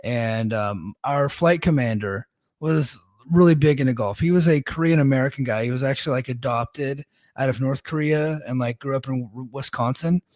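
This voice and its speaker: A podcast co-host in his thirties rambles through a self-deprecating story in casual chat, restarting often. His voice is mid-range and a little mellow at a moderate pace, captured in a dry, clean studio recording.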